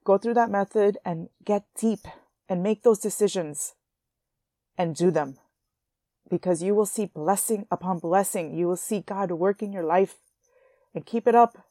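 A young woman hosting a Christian podcast, talking earnestly and warmly to her listeners as sisters, at times emotional. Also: mid-range voice, unhurried, pauses often, no echo, studio quality. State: emotional, near tears. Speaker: podcast host. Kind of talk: faith podcast encouragement.

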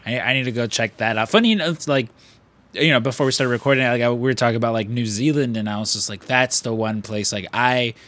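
Speaking fast with a medium pitch and a fairly bright tone, this Chicago-area American in his thirties rambles enthusiastically as a podcast host in casual chat.

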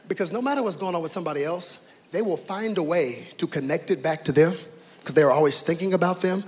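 A man preaching a sermon, dramatic, swinging from hushed to shouting. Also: on the high side, a little fast. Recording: reverberant hall with faint ambience.

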